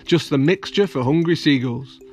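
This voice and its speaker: A man's voice: on the high side, normal speed, a little mellow, soft background music, lightly acted. A man putting on a kindly old wife's voice. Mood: homely. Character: kindly fussy old lighthouse keeper's wife.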